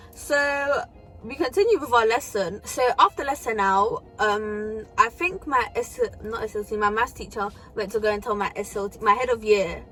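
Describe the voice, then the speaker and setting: A woman's voice: a little high, a bit bright. A young woman telling a storytime vlog in casual, slangy talk with frequent swearing and fillers. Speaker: vlogger.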